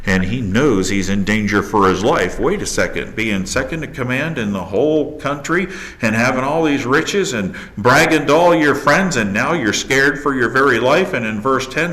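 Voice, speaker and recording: Man, pastor preaching, animated, acts out quotes, church. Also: medium pitch, normal speed. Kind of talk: sermon. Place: church sanctuary.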